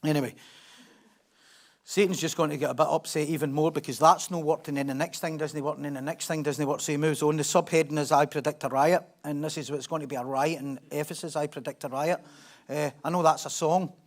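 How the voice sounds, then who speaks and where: High-voiced pastor, chatty and joking. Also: male voice, a little fast. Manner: chatty, humorous, asks the congregation questions; animated storytelling, laughs at himself. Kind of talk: conversational sermon with Bible reading.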